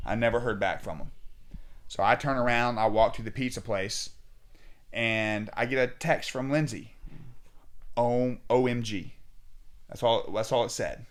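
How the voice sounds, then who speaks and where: A young man casually telling a story as a podcast guest, animated and acting out both sides of the talk. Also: medium pitch.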